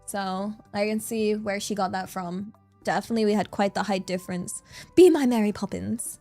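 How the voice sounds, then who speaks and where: A woman's voice: medium pitch, little pitch movement, fairly quick, darkish tone, faint music behind. A young British woman streamer chatting casually with her viewers, bubbly and giggly as she reads out the chat. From Britain.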